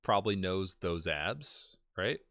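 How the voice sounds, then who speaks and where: A man's voice: deep voice, animated, slow, fairly bright tone, no room sound. Playful man co-hosting a chat show. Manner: playful, reads profiles aloud with mock drama. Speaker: podcast co-host. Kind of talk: casual chat.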